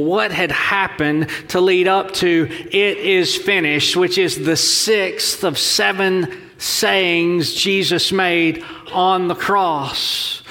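A man preaching a sermon as pastor, earnest and measured. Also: sits high, bright, forceful tone, big-room sound.

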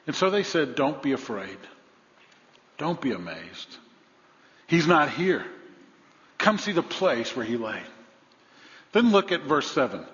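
Male preacher, animated storyteller, loud peaks and hushed drops; dull recording in a big reverberant hall. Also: moderate pace, pauses often. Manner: dynamic preaching, rising to loud emphasis then dropping low and soft; storytelling with humor. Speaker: pastor. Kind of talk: sermon.

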